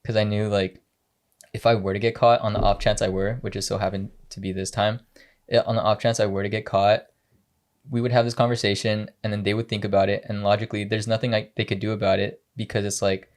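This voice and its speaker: A man's voice: lowish voice, level tone, fast. A young man telling a long story in casual podcast chat, rambling with many fillers and quoted dialogue. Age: young adult. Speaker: podcast co-host.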